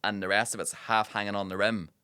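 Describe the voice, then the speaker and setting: A man's voice: on the low side, flat delivery, fast talker, sharp tone, clean tone, no echo, studio quality. A man, co-hosting a casual podcast, telling a story animatedly with lots of fillers and swearing. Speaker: podcast co-host. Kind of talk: casual chat.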